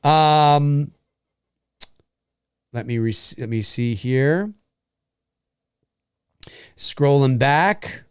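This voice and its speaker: A man's voice: medium pitch, extremely slow, long pauses, clear, resonant tone, no room sound, clean studio sound. A middle-aged Canadian man with a Canadian accent, hosting a casual livestream, reading chat comments and repeating himself enthusiastically.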